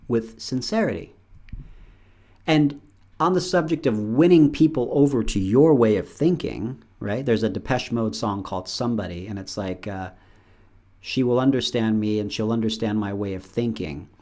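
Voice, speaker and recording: A man's voice: medium pitch, moderate pace, a little mellow. A middle-aged man hosting his show, talking casually and alone, acting out bits of dialogue with playful voices. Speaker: show host. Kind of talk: casual solo monologue.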